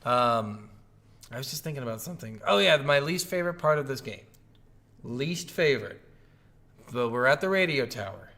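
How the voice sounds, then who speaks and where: A man's voice: mid-range voice, expressive, normal speed, bright, forceful tone. Guy on a gaming podcast, rambles a lot, swears, acts out quotes, casual chat. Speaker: podcast co-host. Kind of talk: casual video game review chat.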